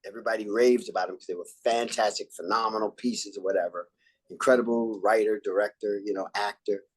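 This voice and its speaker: A man's voice: fairly low pitch, fairly quick, husky. Older New York man telling showbiz stories. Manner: animated, acts out quotes and catchphrases. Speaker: actor guest. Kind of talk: relaxed interview storytelling.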